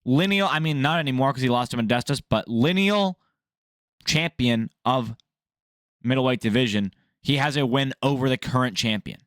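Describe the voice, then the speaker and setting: With a mid-range voice on a dry, clean studio track, a young host of an MMA news channel lets loose in a casual rant. He's blunt, curses a lot, and is full of strong opinions.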